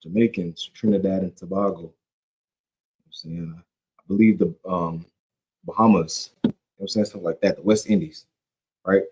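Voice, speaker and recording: A man's voice: low voice, fairly even intonation, fairly quick, pauses often, darkish tone, breathy edge, lo-fi sound. Slangy man leading a casual Bible study. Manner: conversational, keeps saying "you know what I'm saying"; slangy and joking. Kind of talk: casual scripture teaching.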